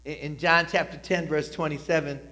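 Bright-voiced pastor preaching to a congregation. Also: male voice, level tone, a little fast. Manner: preaching with call-and-response to the congregation; swings from loud emphatic reading to soft, low asides. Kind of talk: sermon.

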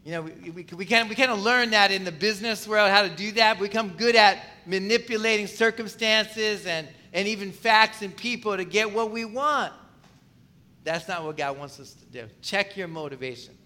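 A man's voice: sits high, normal speed, pushed and bright. A man preaching a sermon in a conversational way, often asking the congregation questions. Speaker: pastor.

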